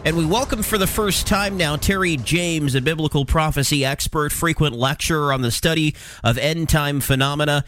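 A man's voice: a little high, normal speed, few pauses, a bit bright, soft background music. A man hosting a talk show, running through news headlines with sarcastic, plain-spoken commentary and frequent fillers. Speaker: podcast host.

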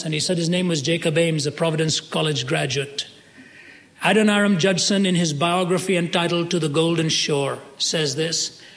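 A man's voice: on the high side, moderate pace, fairly bright tone, in a large hall. A man preaching a sermon, telling a story dramatically and voicing the people in it.

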